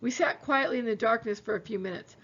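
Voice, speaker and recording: A woman teacher reading a novel aloud to her students in a steady storytelling way. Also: on the high side, fast, breathy edge, muffled recording.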